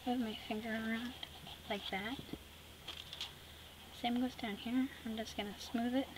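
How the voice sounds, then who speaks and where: A woman's voice: a little high, fairly even intonation, unhurried, noisy background. Playful middle-aged woman demonstrating painting. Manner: playful, chatty, teasing, with soft whispered asides. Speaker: art tutorial host.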